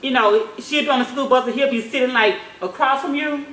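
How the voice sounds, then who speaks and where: A woman, a mother, chats to her viewers in a relaxed, slangy vlog style, dropping swear words and plenty of fillers. Her voice sits a bit high, and the room around her rings with echo. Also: brisk. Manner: chatty, loose, slangy with swearing, many fillers. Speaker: mother and vlogger. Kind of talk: casual storytelling chat. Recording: echoey room.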